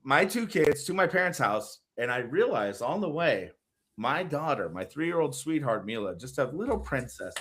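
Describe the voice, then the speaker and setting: A man in his thirties, a podcast co-host chatting casually and acting out lively stories. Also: medium pitch, normal speed, breathy edge. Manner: animated storyteller, acts out voices with shouts. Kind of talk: casual chat.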